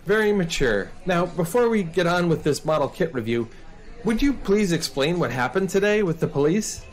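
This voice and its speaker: Male host, scripted comedy, preachy and theatrical, lively high-ish voice. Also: normal speed.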